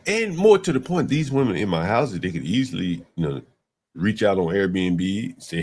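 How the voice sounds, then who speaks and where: Low-voiced man hosting a livestream. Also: animated, moderate pace, breathy edge. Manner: emphatic, repeats words for stress. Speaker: livestream host. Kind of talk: casual livestream chat.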